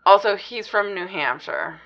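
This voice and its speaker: A woman's voice: medium pitch, lively intonation, a little slow, lo-fi sound. A woman co-hosting a podcast in casual banter, dry and sarcastic. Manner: dry, sarcastic, eye-rolling. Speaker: podcast co-host.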